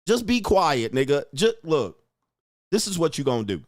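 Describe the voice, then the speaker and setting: A young host rants over his livestream chat, swearing, taunting, and laughing a lot in a confrontational tone. His higher voice swings widely in pitch at a moderate pace, captured in clean studio sound without room noise.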